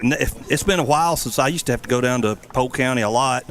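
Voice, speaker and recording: A man's voice: medium pitch, quick pace, a bit bright. A man with a Southern accent hosting a sports radio talk show, folksy and easygoing.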